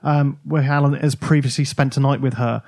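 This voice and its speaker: A man's voice: medium pitch, steady tone, a little fast, creaky, a little mellow. A man hosting a casual podcast chat, reading passages from a book aloud in a wry way and laughing along. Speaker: podcast host.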